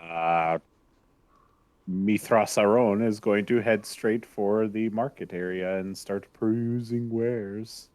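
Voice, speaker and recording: A man takes part in a tabletop game as a player, casually explaining his character's plans. His voice is low and the sound is dry and close. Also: steady tone, slow, a little mellow, dry recording. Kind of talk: casual tabletop play over a voice call.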